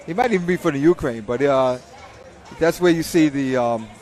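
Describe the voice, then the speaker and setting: A man's voice: fairly high pitch, normal speed, darkish tone. A man commentating live boxing fights, rambling and joking, often repeating himself. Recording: crowd noise at a live event.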